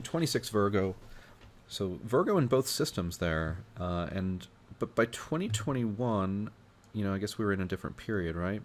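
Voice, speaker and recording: A man's voice: lowish voice, creaky, slight background noise. A man hosting an informal talk, thinking aloud as he walks through astrology charts, with many fillers and restarts. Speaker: astrologer host.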